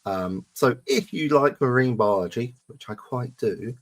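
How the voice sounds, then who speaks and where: A man's voice: medium pitch, a little slow. A man from the United Kingdom on a casual panel chat, easygoing and hesitant with many ums. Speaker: panel co-host.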